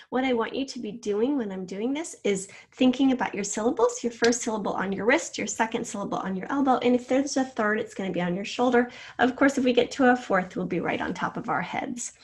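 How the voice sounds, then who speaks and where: A woman teaching a recorded spelling lesson to fifth graders, sounding words out syllable by syllable and spelling them letter by letter. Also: mid-range voice. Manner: slow, clear syllable-by-syllable spelling out.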